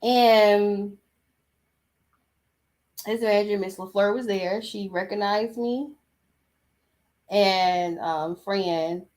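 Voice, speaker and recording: A woman's voice: mid-range voice, fairly even intonation, drawn-out words, long pauses, a little mellow. A young woman talks straight to the audience in a loose, chatty way. She tells a personal story full of slang, asides and digressions. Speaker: host. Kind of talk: casual chat.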